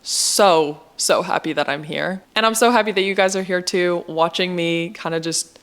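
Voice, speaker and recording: A young woman with an American accent talks to camera in a relaxed, candid vlog. Her voice sits a little low for a woman, and she is chatty and upbeat, dropping "like" all through her sentences. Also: normal speed. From United States. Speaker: vlogger. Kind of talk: casual vlog talk.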